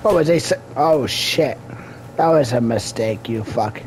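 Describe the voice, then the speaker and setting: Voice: medium pitch, a little slow, a little mellow, slight background noise. A gamer chatting casually with a friend during play, mocking other players in profane trash talk. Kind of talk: casual gaming chat with a friend.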